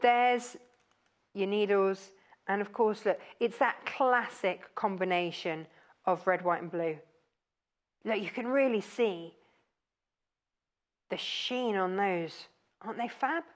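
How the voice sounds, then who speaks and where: A woman's voice: medium pitch, takes it slowly, pauses often. A woman presenting craft products on a shopping channel, chatty and gushing with plenty of fillers.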